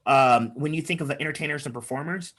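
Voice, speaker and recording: A man's voice: fairly high pitch, quick pace, fairly bright tone. Encouraging man coaching on a video call. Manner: chatty and encouraging, with frequent fillers. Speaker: speaking coach leading an online workshop. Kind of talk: workshop talk with improv exercises.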